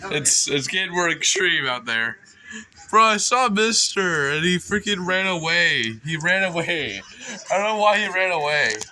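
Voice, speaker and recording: A young man vlogging from indoors at home, rambling and excitable, his voice congested. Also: high-pitched, a little slow. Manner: rambling, excitable, self-correcting. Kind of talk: casual narration while filming a storm.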